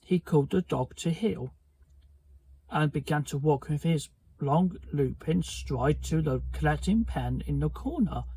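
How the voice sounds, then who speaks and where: A man reading a children's book aloud, slowly and carefully, stumbling over words now and then. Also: a little high, lively intonation, mellow, husky, poor audio. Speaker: storybook reader.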